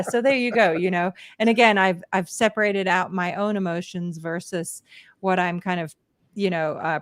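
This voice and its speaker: A woman's voice: medium pitch, dry recording, clean studio sound. A woman guest talking casually about raising her children, chatty with frequent laughs. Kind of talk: casual chat.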